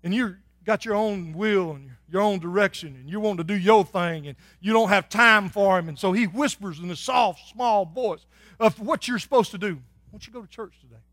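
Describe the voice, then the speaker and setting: A man preaching a sermon as a pastor, dropping soft and low and then rising to shouted exhortation. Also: moderate pace, no room sound, clean studio sound. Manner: folksy, swings from soft and low to loud and shouting.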